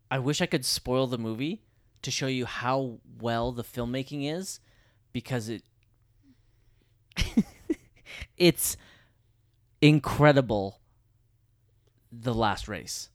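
A man co-hosting a casual movie podcast, eager and chatty, who swears freely and gets loud when excited. His voice sits at a middling pitch. The sound is dry and close to the mic. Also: slow, pauses often, dry recording. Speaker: podcast co-host.

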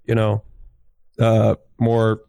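A man's voice: lowish voice, completely flat delivery, extremely slow, vocal fry, warm tone, no room sound. A man speaking reflectively and earnestly in casual podcast talk. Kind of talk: casual chat.

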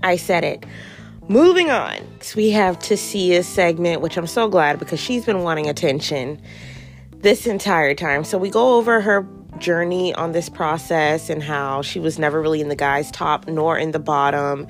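Young woman ranting bout a reality show, sassy and blunt, kinda gravelly low voice, faint music behind. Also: moderate pace. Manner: sassy, blunt, swears freely, mimics people in high voices. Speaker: podcast host reviewing reality TV. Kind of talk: casual commentary.

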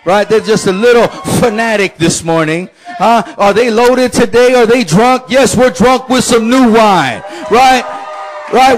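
A man, a pastor, preaching a lively sermon with shouted call-and-response. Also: extremely high pitch, a little slow, low-quality recording.

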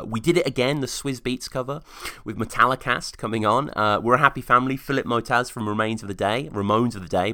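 A man with a fairly low, bright and forceful voice hosts a solo podcast. He talks quickly and casually, full of enthusiasm as he reads out listener comments and chats about what's coming up next. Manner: fast, chatty, enthusiastic, casual swearing. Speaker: podcast host.

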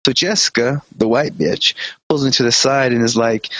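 A male podcast co-host reading a story aloud in a profane, animated way, with quick comic asides. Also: mid-range voice, no echo. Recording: dull lo-fi podcast audio.

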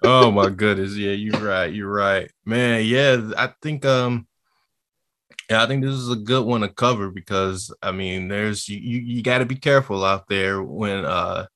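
A man hosting a casual podcast chat, relaxed and agreeable as he wraps up topics. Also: fairly low pitch, a little slow. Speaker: podcast host.

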